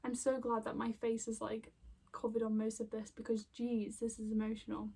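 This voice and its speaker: A woman's voice: on the high side, completely flat delivery, normal speed, vocal fry, dark tone, husky. A woman giving a casual spiritual card reading, rambling with lots of fillers and heartfelt emotion. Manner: rambling, full of fillers and restarts. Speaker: intuitive card reader. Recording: voice a bit far from the mic.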